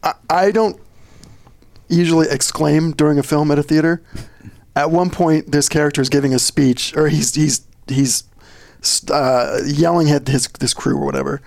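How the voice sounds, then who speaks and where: Man on a podcast, matter-of-fact, gravelly, slightly higher pitch. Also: fairly even intonation, normal speed, darkish tone, no room sound. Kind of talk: casual chat.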